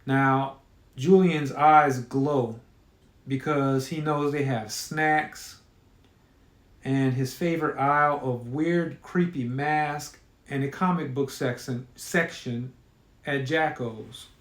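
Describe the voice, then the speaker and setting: A man's voice: mid-range voice, steady tone, takes it slowly. A man reading his own horror story aloud in a casual storytelling manner, with occasional fillers. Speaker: author. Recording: roomy echo.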